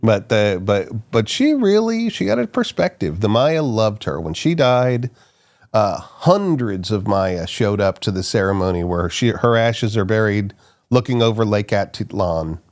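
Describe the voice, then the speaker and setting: Low-voiced man telling lively stories. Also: a little slow. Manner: animated, laughs often, restarts sentences. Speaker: archaeologist guest. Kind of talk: casual storytelling interview.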